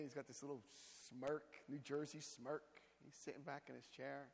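A man speaking to a recovery group, telling his own story with lively acted-out quotes. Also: on the high side, unhurried, gravelly, long reverb tail, noisy background. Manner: storytelling, acts out quotes with big voice jumps. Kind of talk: animated personal talk to a group.

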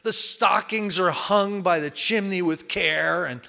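A man's voice: high voice, a little slow, gravelly, sharp tone. A man from New Jersey giving a candid, rambling personal testimony at a recovery meeting, full of fillers and repeats. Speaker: recovery speaker.

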